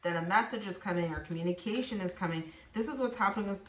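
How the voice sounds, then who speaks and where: Talking quickly in a medium-pitched, fairly bright voice, a woman gives a spoken tarot reading aimed straight at her viewers. She imitates the voices she quotes, and the echoey room has a faint hiss or hum.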